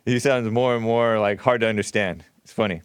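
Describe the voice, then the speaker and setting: Male call-in host, relaxed and chatty; smooth voice, dry booth sound. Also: fairly low pitch, a little fast, no room sound. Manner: easygoing, chatty, laughs often. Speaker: radio talk show host. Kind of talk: casual call-in talk.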